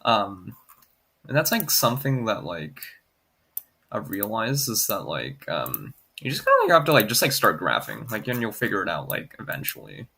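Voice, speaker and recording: A man streams in a casual, rambling way, leaning on fillers and reading out comments as he goes. His voice swings widely in pitch and has a gravelly fry. The tone is bright with a husky grain. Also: big pitch swings, moderate pace. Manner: rambling, heavy on "like" fillers, reads chat aloud. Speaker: streamer graphing in Desmos. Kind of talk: casual livestream chat.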